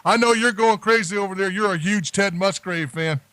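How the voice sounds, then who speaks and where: A man's voice: high-pitched, moderate pace, pushed and bright, dry recording. A man co-hosting a motorsports radio show with playful, boastful banter. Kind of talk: casual radio chat.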